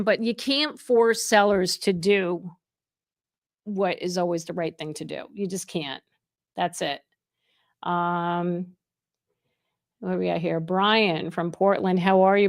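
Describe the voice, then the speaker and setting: A woman's voice: mid-range voice, smooth, no echo, studio quality. Chatty upbeat woman realtor on a live stream. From New Jersey. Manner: chatty and upbeat, greets viewers by name with excited bursts. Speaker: real estate agent hosting a live stream. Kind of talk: casual live-stream chat reading viewer comments.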